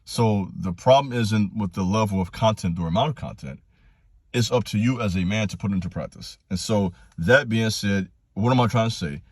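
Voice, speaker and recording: A man's voice: moderate pace, no echo. A man hosting his own channel, giving a blunt, preachy motivational talk with repeated commands, his voice climbing into passionate bursts. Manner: direct, preachy, repetitive exhortations, rising to passionate pitch. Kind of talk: fired-up motivational monologue.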